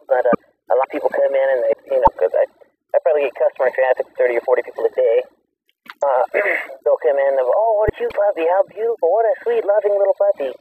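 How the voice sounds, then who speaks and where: A man calling in as a radio guest who runs a dog foster facility, explaining things earnestly with halting pauses. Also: mid-range voice, recorded from a distance. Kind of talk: call-in radio interview. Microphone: telephone. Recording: tinny phone line with faint hiss.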